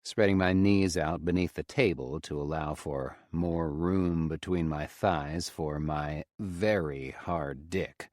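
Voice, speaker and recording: A man narrating a romance audiobook in the first person, with a low, intimate storytelling delivery on a close studio mic. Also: slow, few pauses, a little mellow, dry recording.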